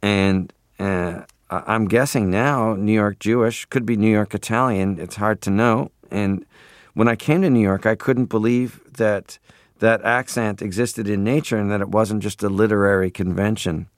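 A man in his forties from Canada chats as a radio guest, playful and rambling, often slipping into funny voices. His voice sits a little low, and the studio sound is close and dry. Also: fairly even intonation, normal speed, no echo. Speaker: interview guest. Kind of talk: radio interview conversation.

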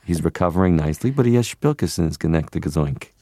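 A man voicing a fussy, chatty older New York woman who gossips and laments in a low, dry voice. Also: lively intonation, quick pace, dark tone, no room sound. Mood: kvetching.

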